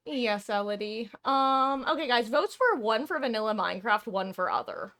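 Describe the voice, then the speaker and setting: Chatty woman streamer, higher voice. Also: expressive, moderate pace, pushed and bright. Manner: chatty, rambling storytelling to viewers. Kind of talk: casual live-stream chat. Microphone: headset.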